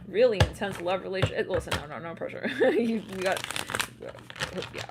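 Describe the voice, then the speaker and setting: A woman giving a casual tarot reading, chatty and quick to laugh, with loose swearing. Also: mid-range voice, lively intonation, background noise. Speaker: tarot reader.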